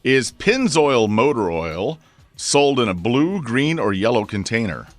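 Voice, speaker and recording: A man's voice: medium pitch, very animated, unhurried, dry recording. A man co-hosting a morning radio show, teasing his partner and running a call-in quiz from the studio. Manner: wry, teasing, runs the phone-in game. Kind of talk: casual morning radio banter. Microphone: studio microphone.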